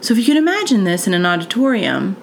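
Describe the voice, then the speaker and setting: A woman's voice: medium pitch, big pitch swings, fast, gravelly, a little hiss or hum. A woman hosting a podcast, telling a school story in a chatty way, full of fillers, acting out what others said. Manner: chatty, full of "like" and "you know", acts out quoted voices. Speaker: podcast host. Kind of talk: storytelling monologue.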